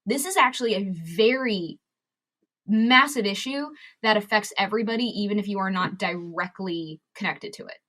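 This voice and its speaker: A woman's voice: medium pitch, moderate pace, a bit bright. A woman comedian and advocate, a podcast guest who talks bluntly and emphatically with lots of swearing. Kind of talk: candid podcast interview.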